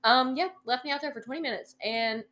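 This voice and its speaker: A woman's voice: sits high, fast, sharp tone. A young woman co-hosting a podcast, telling a story in casual chat, rambling with many fillers and freely swearing. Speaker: podcast co-host.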